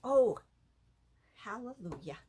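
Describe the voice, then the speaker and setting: A woman's voice: fairly high pitch, very animated, slow, a little mellow, a little hiss or hum. A woman leading a live craft lesson from an art center office, chatty and easily amused. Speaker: art instructor.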